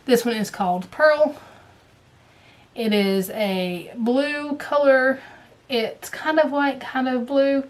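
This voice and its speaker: Chatty Southern woman showing threads. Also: fairly high pitch. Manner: rambling, chatty, drifts to hushed murmurs while showing threads. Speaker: cross-stitch vlogger. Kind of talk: casual chat.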